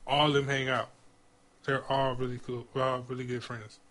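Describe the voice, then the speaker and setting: A man hosts a podcast in loose, casual chat, with an enthusiastic and slangy delivery. His voice sits at a middle pitch for a man. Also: flat delivery, normal speed, fairly bright tone. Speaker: podcast host.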